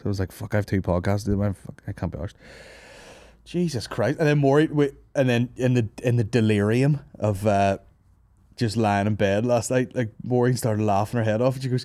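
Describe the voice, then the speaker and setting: A Northern Irish podcast host with a fairly low voice, telling a meandering comic story in a dry, close recording. He swears constantly and breaks into laughter often. He sounds hungover and worn out. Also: warm tone, dry recording. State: hungover and tired. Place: office.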